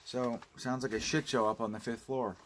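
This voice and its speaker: A home video collector vlogger with a medium-pitched voice and fairly even intonation speaks at a moderate pace, with background noise audible. He casually unboxes and reviews home video releases, rambling and ranting with plenty of swearing.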